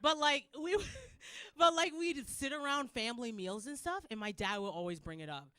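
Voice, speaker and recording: A woman performing a stand-up comedy set, rambling and animated, with lots of "like". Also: high-pitched, moderate pace, smooth, no room sound, studio quality. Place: comedy club stage.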